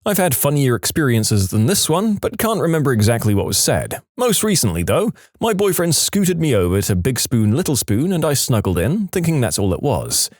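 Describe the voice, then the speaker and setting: Lively man narrating odd stories. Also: mid-range voice, moderate pace, hardly any pauses, no room sound, studio quality. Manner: expressive storytelling with playful acted quotes. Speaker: storytelling channel narrator. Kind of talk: reading submitted stories aloud.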